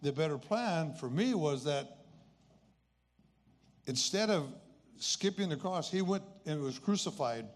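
A man's voice: on the high side, animated, a little slow, long pauses. A man in his eighties telling a personal story as a faith testimony in an earnest, conversational way. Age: 80s. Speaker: speaker sharing a personal testimony.

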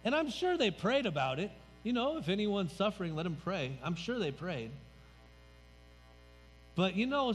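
A man pastor preaching a sermon in a church sanctuary, conversational and emphatic, letting his voice drop at the ends of phrases. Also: high voice. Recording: reverberant hall, faint music.

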